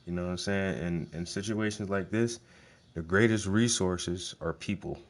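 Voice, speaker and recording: Blunt, profane man with a deep voice. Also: normal speed. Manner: profane, blunt, emphatic, repeats words. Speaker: host. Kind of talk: casual monologue.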